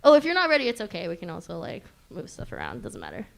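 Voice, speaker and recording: A woman's voice: fairly low pitch, huge pitch swings, fast talker, gravelly. A woman hosting a live convention panel, teasing and playful with the audience, laughing often. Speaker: panel host.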